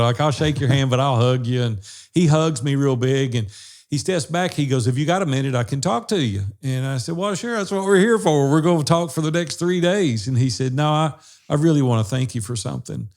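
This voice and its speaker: Gravelly man telling stories. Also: mid-range voice, fairly quick. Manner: warm folksy storyteller, says y'all and fixing to. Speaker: co-host of a business brotherhood podcast. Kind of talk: casual storytelling chat.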